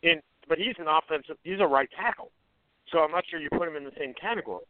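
Guy on sports radio, slightly high voice, sure of his picks, thin phone-line sound, dry. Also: quick pace, no room sound. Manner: confident, rattles off predictions, corrects himself mid-sentence. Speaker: radio sports show co-host.

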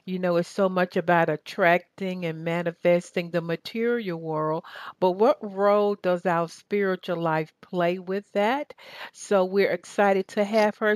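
A woman's voice: mid-range voice, dry recording. Upbeat Southern woman radio host. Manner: upbeat, chatty, many fillers. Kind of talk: casual radio interview.

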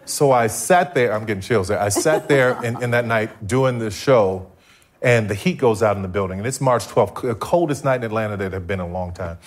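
A man giving a personal testimony as a guest before a live audience, telling his story with animated, acted-out dialogue. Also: fairly low pitch, brisk, slight background noise. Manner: animated, acts out his past self in dialogue. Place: stage in front of a live audience.

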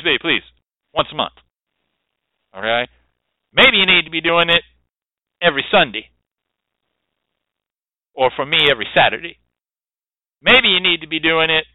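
A fairly high-pitched male voice comes through a tinny, dry, phone-like line without any room sound. He's a radio show host teaching hoodoo rootwork, lecturing in an emphatic, preachy, profane, and repetitive way.

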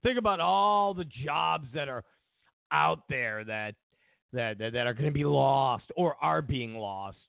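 A man's voice: medium pitch, lively intonation, unhurried, vocal fry, no room sound. Ranting male radio host, phone-like sound. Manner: mocking, ranting, acts out both sides of conversations. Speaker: radio talk show host. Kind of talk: opinionated talk radio monologue.

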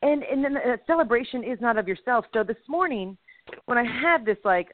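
A woman's voice: a little high, brisk. A woman co-hosting a Christian comedy radio show, chatting animatedly and laughing at herself. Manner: animated, chatty, laughs often, self-deprecating. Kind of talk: casual chat. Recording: tinny phone line.

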